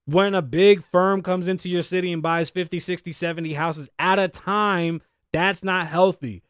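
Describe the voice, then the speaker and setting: Middle-aged guy hosting a podcast, high voice, cussing and ranting, bit wheezy, dry sound. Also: normal speed, clean tone, no echo. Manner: profane, animated, ranting. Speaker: podcast host. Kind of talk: casual commentary.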